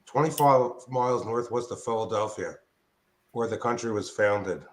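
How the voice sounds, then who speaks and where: A man's voice: mid-range voice, moderate pace, a crowd in the background. A man from southeastern Pennsylvania chatting as a caller, asking plain questions. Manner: easygoing, asks plain questions. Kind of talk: casual call-in chat.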